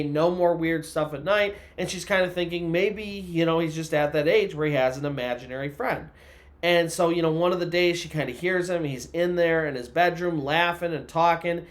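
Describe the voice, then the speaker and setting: A man's voice: a little high, normal speed. A man telling a creepy story in a loose, conversational way, with lots of filler words. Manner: conversational, loose, full of "you know" and "kinda". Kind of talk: casual storytelling narration.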